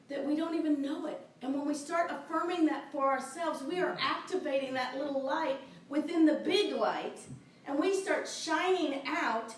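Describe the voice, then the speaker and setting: A woman's voice: high voice, slight background noise. A middle-aged woman minister giving a chatty, enthusiastic sermon, laughing often, recorded from a distance in a church sanctuary. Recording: very echoey, distant mic in a church.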